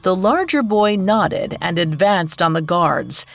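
A woman telling a fairy tale as a scripted podcast narration, measured and unhurried. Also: on the low side, lively intonation, vocal fry, no echo. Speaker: storyteller.

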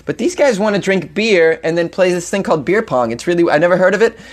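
A man putting on a deliberately bad Russian accent to voice a gruff, vodka-loving Russian man as a comedy bit, hamming it up. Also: sits high, animated. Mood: mock-earnest. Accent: mock Russian accent, deliberately bad. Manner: exaggerated, jokey, keeps breaking into laughter. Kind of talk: comedic put-on voice.

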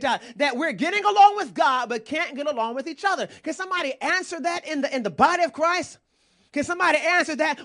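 A man's voice: very high voice, pushed and bright. A man preaching a sermon with passion, calling out to the congregation.

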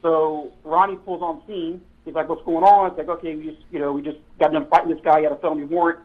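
A high-voiced man tells old police stories in loose, rambling chat, laughing and catching his own mix-ups along the way. His voice comes through a thin, phone-like line. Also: level tone, fast. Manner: rambling, self-correcting, laughs while telling stories. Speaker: podcast host, former police officer. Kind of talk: casual storytelling chat.

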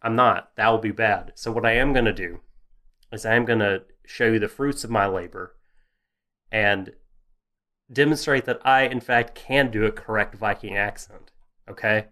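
A man's voice: on the low side, normal speed, pushed and bright. A man co-hosting a casual podcast chat, rambling and self-deprecating with many fillers. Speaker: podcast co-host. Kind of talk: casual anime discussion chat.

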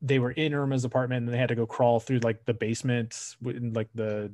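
A man co-hosting a podcast, chatting with animated, quick asides. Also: mid-range voice, no room sound, clean studio sound. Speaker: podcast co-host. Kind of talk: casual chat.

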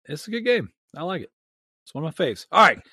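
A man's voice: fairly high pitch, big pitch swings, fast, pushed and bright, husky, no room sound, studio quality. A man co-hosting a podcast, teasing a friend in loose, joking banter. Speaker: podcast co-host.

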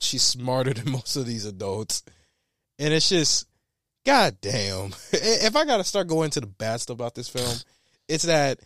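A man hosting a casual film review chat, animated and profane, laughing often and restarting his sentences. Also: mid-range voice, dry recording, studio quality. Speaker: podcast host reviewing a film.

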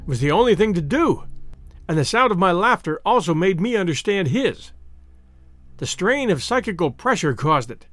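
A man narrating a classic ghost story in a measured, dramatic storytelling manner. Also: high-pitched, a bit bright. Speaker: audiobook narrator.

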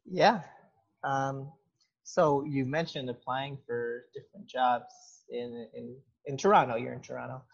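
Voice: medium pitch, steady tone, measured pace, vocal fry, husky. A speaker hosting a casual conversation, talking reflectively with many fillers and asides. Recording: dull lo-fi sound.

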